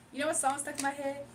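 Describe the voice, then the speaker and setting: A young woman chatting casually with her viewers on a live stream, laughing often and breaking into bits of song. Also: high voice. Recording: slightly distant mic with faint room noise.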